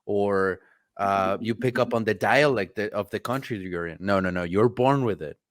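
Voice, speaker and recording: A man's voice: on the low side, moderate pace, no room sound. Sarcastic man rambling in a dry room. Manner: sarcastic, rambling with many fillers. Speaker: host. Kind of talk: casual chat.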